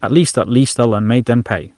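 A man's voice: medium pitch, brisk, no echo, clean studio sound, close to an everyday voice. A man voicing a wounded male alien who talks through coughs and rising panic. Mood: strained. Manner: shouting, coughing.

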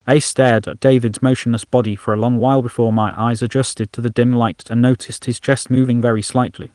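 A man's voice: mid-range voice, fairly even intonation, a little fast, a little mellow, no echo. A man narrating a science fiction story as an audiobook, in a dry, wry storytelling manner.

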